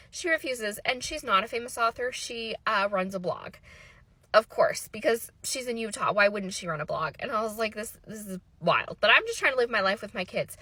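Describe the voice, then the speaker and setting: A woman telling her own story in a casual storytime monologue, animated and exasperated, swearing freely and laughing at the absurd parts. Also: a little high, dry recording.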